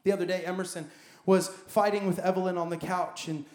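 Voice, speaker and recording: A man's voice: high voice, fairly even intonation, a little fast, a little mellow. A man preaching a sermon as pastor, emphatic and building his points with repeated phrases. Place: church sanctuary. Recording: echoey church hall.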